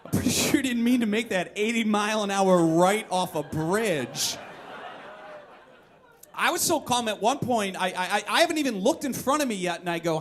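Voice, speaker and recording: A young man performing a live one-man comedy story on a club stage, animated, breaking into shouts and high-pitched voices for quoted people, with the audience laughing. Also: a little hiss or hum. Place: live music venue stage.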